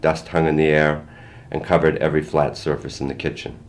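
An older man reading his own first-person story aloud in a plain, measured way. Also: a bass voice, little pitch movement. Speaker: memoir reader.

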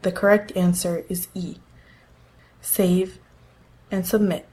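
A woman narrating a first-person story in a measured, tense way. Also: lowish voice, level tone, dark tone.

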